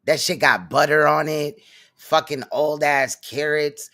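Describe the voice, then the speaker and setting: A man giving casual reaction commentary in a mocking, drawn-out way. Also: fairly high pitch, steady tone, pushed and bright.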